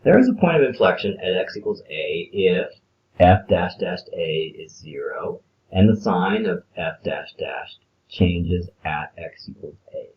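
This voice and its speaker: A man's voice: low-pitched, dull audio. A man talking through a math worksheet in a casual screencast lesson, explaining step by step with filler words. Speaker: math teacher.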